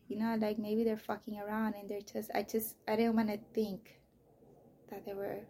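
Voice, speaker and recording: A woman telling a raw personal story as a mother, swinging between loud outbursts and near-whispers. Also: mid-range voice, monotone, moderate pace, slight background noise. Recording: voice message.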